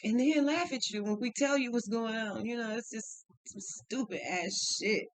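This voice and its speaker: A woman's voice: a little high, moderate pace, no echo, poor audio. A woman giving a casual tarot reading, blunt and profane, upset and tearful. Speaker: tarot reader.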